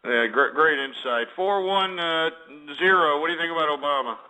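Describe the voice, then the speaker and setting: A man hosts a comedic call-in show with a high, piercingly bright voice. He talks in brash, mocking, boastful shock-jock patter and teases his callers relentlessly. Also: moderate pace, rough recording. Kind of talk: comedic call-in radio parody.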